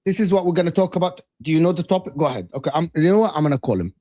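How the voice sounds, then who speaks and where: A man's voice: fairly high pitch, expressive, very fast, dark tone, dry recording. A young man on a casual football panel, teasing and blunt.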